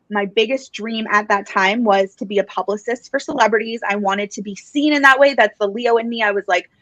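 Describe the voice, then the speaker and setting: An earnest woman tells her own story in a relaxed interview, mid-pitched, talking with plenty of ums, likes and restarts. The sound is muffled and dry, with no room behind it. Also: dry recording. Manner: earnest, animated, with many fillers and restarts. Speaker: psychic medium and guest. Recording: dull, dry lo-fi podcast audio.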